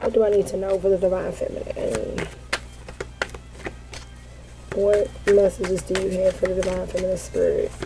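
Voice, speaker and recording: A woman giving a casual, animated tarot reading, swearing freely and breaking into sassy asides as she voices the cards. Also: medium pitch, normal speed, long pauses, background noise. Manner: chatty and animated, swears freely and laughs often. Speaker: tarot card reader.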